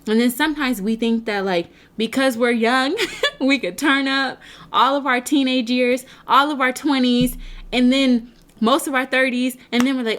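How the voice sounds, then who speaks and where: This woman talks with fervent, preacher-like earnestness, firing off rhetorical questions at the people watching. Her voice sits a little on the high side. It is a faith-based motivational talk delivered straight into a camera mic. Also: steady tone, normal speed, fairly bright tone. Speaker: motivational speaker and nonprofit founder.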